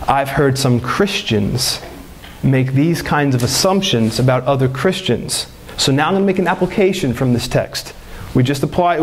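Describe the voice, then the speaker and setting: A man's voice: on the high side, slight background noise. A man preaching a sermon as pastor, earnest, his voice climbing when he presses a point. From United States.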